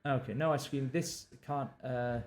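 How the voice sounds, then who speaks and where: A man's voice: medium pitch, fairly even intonation, unhurried. A male novelist on a live stream, talking through his writing with many fillers and restarts and reading draft lines aloud. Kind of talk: thinking aloud while drafting.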